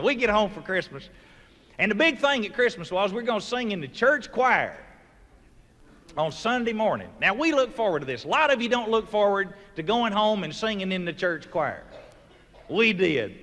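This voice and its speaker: A man telling folksy stand-up stories and bursting into loud voiced sound effects, recorded live. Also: sits high, very animated, normal speed. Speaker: comedian. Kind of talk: stand-up storytelling. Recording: live show recording from a hall with audience ambience.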